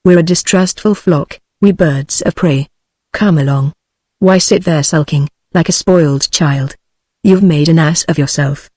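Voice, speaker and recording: A woman's voice: lowish voice, no echo, studio quality, lightly acted. A synthetic British woman reading a suave mocking adventurer. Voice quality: synthetic, even. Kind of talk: text-to-speech audiobook reading.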